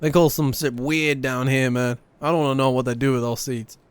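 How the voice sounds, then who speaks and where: A man's voice: mid-range voice, steady tone, a little fast, clear, resonant tone. A man streaming a video game, chatting casually with loose, profane asides, laughing and muttering as he reads the game's lines aloud.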